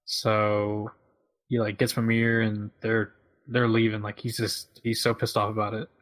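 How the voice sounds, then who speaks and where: A man's voice: on the low side, a little slow. A young man chatting casually as a co-host, retelling a video game's story with lots of fillers. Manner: relaxed, filler-heavy storytelling. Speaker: podcast co-host. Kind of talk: casual chat recapping a video game.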